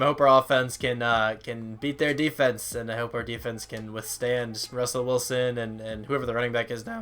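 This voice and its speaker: A man's voice: medium pitch, fairly bright tone. A tired young man giving casual, rambling commentary on a football video game, reading out stats, his voice sometimes cracking. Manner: rambling, self-deprecating, reads out stats. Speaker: gaming YouTuber.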